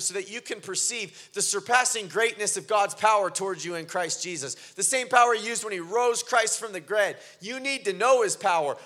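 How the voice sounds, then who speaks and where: A man preaching a sermon, telling stories and building to fervent, emphatic declarations. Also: high voice. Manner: builds from quiet storytelling to fervent shouting. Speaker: pastor.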